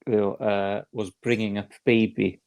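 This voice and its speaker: A man's voice: lowish voice, flat delivery, normal speed, vocal fry, darkish tone, lo-fi sound. A man in a casual chat who repeats himself and says yeah a lot.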